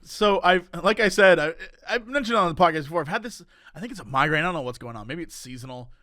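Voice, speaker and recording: A young man with a high, bright voice co-hosts a casual podcast. His pitch swings widely as he retells things in an animated, exasperated way, putting on voices for quotes. The recording is close and dry. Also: fast, no echo. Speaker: podcast co-host. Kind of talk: casual chat.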